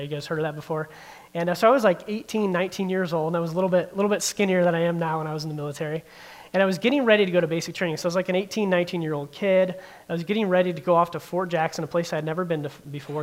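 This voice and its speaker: A man telling a personal story to a group, casual and full of fillers, often asking the audience questions. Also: fairly high pitch. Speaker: speaker addressing a group.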